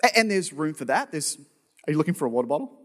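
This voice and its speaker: A man's voice: on the high side, sing-song, fast talker, a bit bright. A male pastor preaching a sermon in a conversational way, often restarting with repeated words and making joking asides. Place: church auditorium. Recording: long reverb of a church hall.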